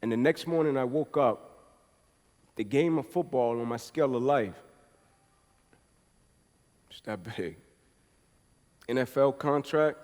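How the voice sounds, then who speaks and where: A man in his thirties from Atlanta, Georgia, giving a motivational speech, telling his story emphatically with a preacher-like build. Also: mid-range voice. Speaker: motivational speaker. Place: large event hall. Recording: long reverb of a large hall.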